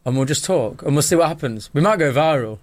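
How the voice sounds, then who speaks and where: A man's voice: a little high, expressive, fast. A British man co-hosting a football podcast who talks emphatically and repeats his phrases in casual banter. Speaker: podcast co-host.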